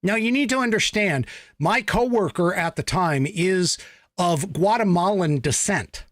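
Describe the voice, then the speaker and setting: A man's voice: high-pitched, lively intonation, a little slow, a bit bright, dry recording, studio quality. A man from the United States hosting a podcast, giving a blunt, emphatic political commentary monologue with profanity. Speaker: podcast host.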